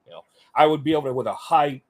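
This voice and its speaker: A quick, slightly mellow mid-range voice belongs to a middle-aged veteran appearing as an interview guest. His ordinary-sounding, rambling chat is full of fillers, and he imitates others when quoting them.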